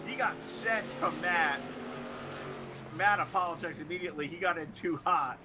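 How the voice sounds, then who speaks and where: A man's voice: on the high side, normal speed, background noise. A man calling a sim truck race as commentator, with joking, sardonic banter. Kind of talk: play-by-play sim racing commentary.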